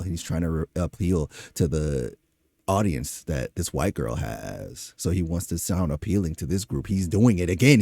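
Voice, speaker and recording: A man's voice: sits low, gravelly, a little mellow, breathy edge, no echo. A man in his thirties hosting a solo podcast, giving emphatic, opinionated commentary with frequent fillers. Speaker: podcast host.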